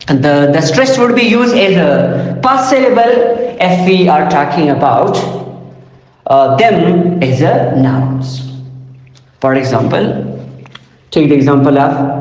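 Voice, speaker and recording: A man giving a slow lecture on phonology, repeating example words aloud. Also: sits high, darkish tone. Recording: echoey room with long reverb.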